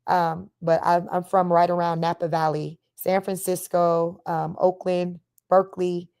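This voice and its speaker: A woman's voice: fairly low pitch, measured pace, clean tone. A middle-aged woman from Northern California with a Bay Area accent and a slight Southern twang, chatting casually to a livestream and telling stories with frequent laughter. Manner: animated storytelling, laughs often, reads chat comments aloud. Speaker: livestream host.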